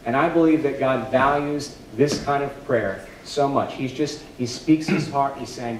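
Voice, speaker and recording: Pastor guy preaching, chatty and emphatic, kinda high voice, faint room noise. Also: moderate pace, echoey room, distant mic, rough recording. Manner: conversational, emphatic, self-deprecating. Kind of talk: sermon. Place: church.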